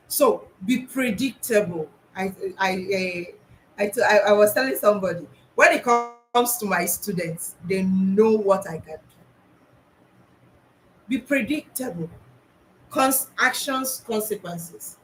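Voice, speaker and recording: A woman's voice: mid-range voice, a little hiss or hum, rough recording. Earnest woman teacher. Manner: earnest, repeats points, many restarts. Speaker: school psychologist and teacher. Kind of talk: talk on teaching practice.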